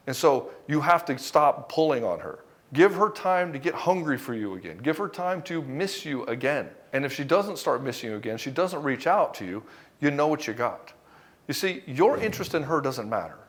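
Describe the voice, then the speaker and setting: A middle-aged man giving relationship advice straight to the camera, blunt and profane, often acting out little bits of dialogue. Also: a little high. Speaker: relationship coach. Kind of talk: direct-to-camera advice monologue.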